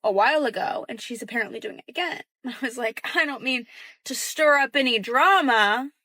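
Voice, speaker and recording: Young woman telling a story casually, acting out the quotes in a hushed voice. Bright and a bit high. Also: fairly quick, no room sound. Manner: chatty, acts out quoted dialogue in a hushed voice.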